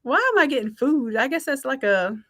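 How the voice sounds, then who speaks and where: Speaking a little fast in a high, fairly bright voice with lively intonation, a woman design instructor runs a live software tutorial. She's upbeat and chatty, thinking aloud as she works.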